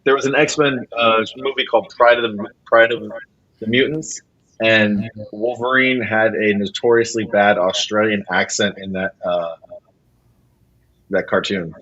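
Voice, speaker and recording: A man's voice: fairly low pitch, steady tone, measured pace, a bit bright. A man co-hosting a casual comics chat, teasing and quizzing the host. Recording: dull lo-fi audio.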